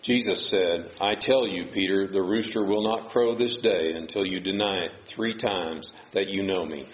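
A man reading scripture aloud in a church service, in a steady, formal way. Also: low voice, normal speed. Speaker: scripture reader. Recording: dull, lo-fi church recording with faint noise.

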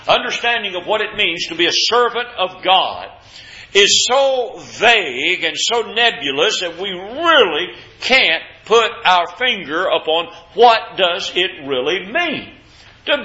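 Bright-voiced preacher, lo-fi sermon recording. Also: male voice, high voice. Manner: earnest, conversational, repeats words on restarts.

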